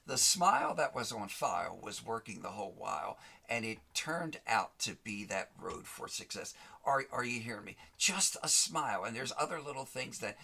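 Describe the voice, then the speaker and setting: Gravelly, lively motivational speaker man. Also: mid-range voice, moderate pace, hardly any pauses. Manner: emphatic, repeats and rhymes key phrases, addresses listener directly. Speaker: host of a motivational show. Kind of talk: motivational talk.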